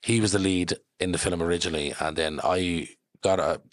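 Fast-talking Dublin man, low voice. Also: no room sound, clean studio sound. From Ireland. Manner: animated, swears freely, acts out quoted voices. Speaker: podcast guest. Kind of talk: casual storytelling.

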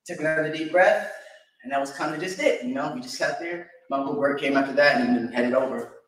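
A young man gives a personal eulogy in a church sanctuary, telling stories and chuckling fondly. His mid-range voice is brisk with a fairly bright tone, picked up from a distance in the echoey church.

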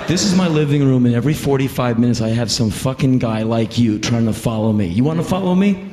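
A man's voice: medium pitch, expressive, fast talker, mellow, lightly acted. A man voicing a weary, territorial old male sea turtle who scornfully taunts a swimmer and swears. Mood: scornful taunting. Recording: echoey hall with faint room noise.

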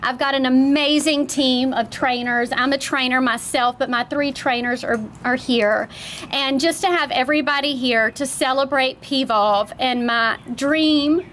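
A woman's voice: sits high, steady tone, a little slow, a bit bright, slight background noise. A woman, giving a heartfelt, teary speech at a podium as a new studio owner. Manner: emotional, teary, heartfelt thanks. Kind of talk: ceremony speech. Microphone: podium microphone.

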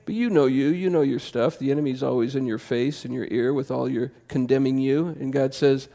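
A pastor preaching a sermon in a church, conversational and impassioned, jumping to loud emphasis. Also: male voice, mid-range voice, a little fast, gravelly, hardly any pauses. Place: church sanctuary.

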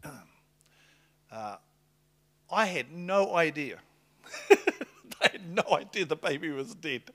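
Lively New pastor, man. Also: on the high side, slow. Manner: lively, excitable, laughs between lines. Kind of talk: sermon with storytelling.

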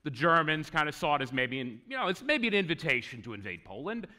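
A man giving a conference lecture on history, conversational and wry, with asides to the audience and swinging emphasis. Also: quick pace. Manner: lively, swinging pitch for emphasis. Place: conference hall.

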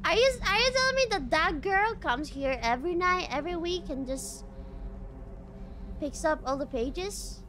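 A VTuber streams a game from home, her very high voice chatting casually at a normal pace. She's excitable and jumpy, shrieking whenever something startles her. A slight hiss or hum runs under the audio.

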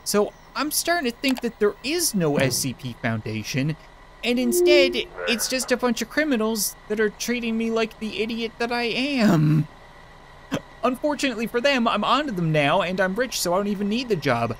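A gaming YouTuber, a man, doing let's play commentary in a joking, excitable way, talking back to the characters on screen. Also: sits high, moderate pace, a little hiss or hum.

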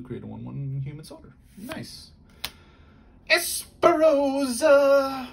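A man giving casual commentary while opening card packs. He rattles off card text quickly and yelps in high bursts when he gets excited. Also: gravelly, breathy edge. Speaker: card pack opener.

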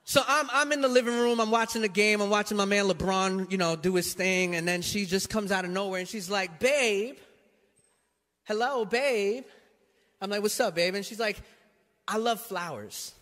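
Lively high-voiced man preaching with hall echo. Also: quick pace, few pauses. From New York City. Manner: animated, acts out both sides of the story. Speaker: pastor. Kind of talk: storytelling sermon.

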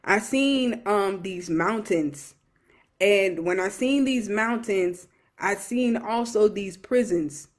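A young adult minister giving an emotional personal testimony, earnest and repetitive, with many fillers and restarts. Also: mid-range voice.

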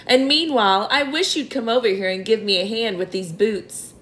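A woman's voice: a little high, normal speed, a bit bright, natural voice. Woman doing a boastful male centipede. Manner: proud, show-off. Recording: roomy echo.

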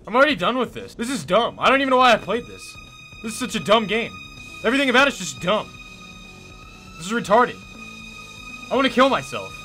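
High, bright-voiced profane young gamer. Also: male voice, very animated, fairly quick, pauses often, faint music behind. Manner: exasperated, profane, sarcastic. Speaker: gaming YouTuber. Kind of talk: game commentary.

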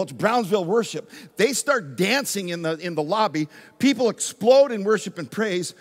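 A man who is a pastor, telling a lively story in a sermon, moving from loud excitement down to hushed intensity. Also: sits high. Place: church sanctuary. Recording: long church reverb.

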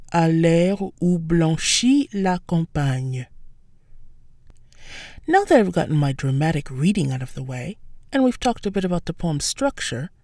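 A woman giving a scripted language lesson, explaining words slowly and carefully with French examples. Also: lowish voice, warm tone, dry recording, clean studio sound. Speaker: French teacher.

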